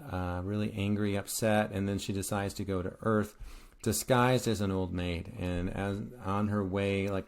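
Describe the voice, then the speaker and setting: A man teaching art history in a relaxed lecture, retelling a myth conversationally with many filler words. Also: low-pitched. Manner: conversational, frequent "uh" fillers and restarts; retells myths casually with a light humorous touch. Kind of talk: informal recorded lecture.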